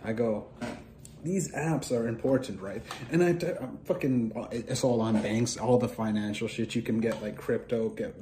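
A man's voice: mid-range voice, normal speed, dark tone, a little hiss or hum. A young man hosting a solo show, rambling and profane in a scattered, stream-of-consciousness way. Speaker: podcast host.

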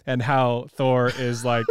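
A man's voice: mid-range voice, a little hiss or hum. A man co-hosting a podcast, talking casually about films, rambling and laughing often. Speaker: podcast co-host. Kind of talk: casual movie chat.

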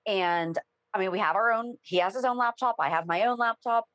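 Female podcast co-host, mid pitch, chatty and quick, dry close sound. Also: a bit bright, no room sound, highs cut off. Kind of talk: casual chat.

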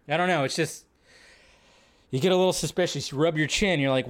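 Animated high-voiced man riffing on movie news. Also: fairly quick, pauses often. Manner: animated and joking, reacting to chat. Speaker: host of a live movie news show. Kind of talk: casual live-stream commentary.

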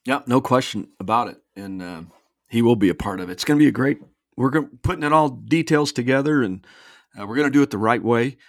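A podcast guest in his fifties casually tells a long story, animatedly acting out the lines of other people. His medium-pitched voice moves fast, recorded in clean studio sound with no echo.

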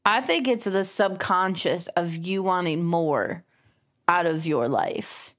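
A woman co-hosting a casual podcast chat, talking in a reflective, gently teasing way and laughing easily. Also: on the low side, slow. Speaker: podcast co-host.

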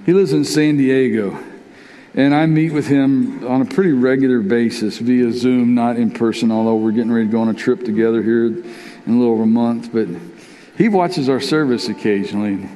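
A man's voice: medium pitch, brisk, dark tone. A man preaching a sermon as pastor, earnest and openly emotional, often repeating his words as he urges the congregation. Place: church sanctuary. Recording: long reverb in a big church hall.

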